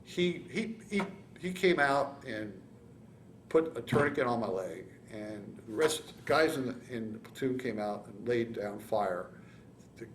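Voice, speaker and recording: A man in his seventies from San Francisco, telling his war story in an oral history interview, with halting restarts and acted-out quotes. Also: mid-range voice, lively intonation, reverberant, a little hiss or hum. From San Francisco, California. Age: 70s. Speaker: veteran interviewee.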